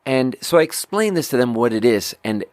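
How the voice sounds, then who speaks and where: A man hosting a podcast, telling a long story about his restaurant work in a casual, animated way with lots of filler words. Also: a little fast, dry recording. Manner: animated, acts out quoted voices with big pitch jumps; frequent fillers like "like" and "you know". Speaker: podcast host; restaurant server.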